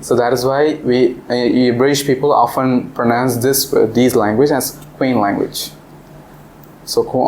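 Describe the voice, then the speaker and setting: A man's voice: medium pitch, unhurried, darkish tone, rough recording. Young guy teaching a class, chatty and laughing a lot, some faint noise behind. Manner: chatty, laughs often, explains step by step. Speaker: visiting language teacher. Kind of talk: casual classroom discussion. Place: classroom in a language club.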